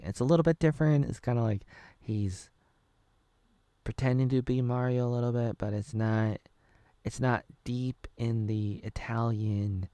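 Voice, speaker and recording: A man in his thirties from Oregon muses his way through a casual reaction video, circling back and restarting as he thinks aloud. His voice sits fairly low and sounds close and dry. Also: dark tone, dry recording. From Oregon, USA. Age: 30s. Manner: rambling, thinking aloud with many fillers and restarts. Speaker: video creator reacting to a trailer.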